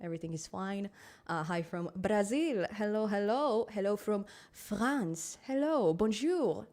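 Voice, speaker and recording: Upbeat woman streamer chatting w her viewers, laughs a lot, lots of ums, mid pitch. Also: unhurried, darkish tone. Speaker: livestream host of a programming channel. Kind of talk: casual live-stream chat with viewers.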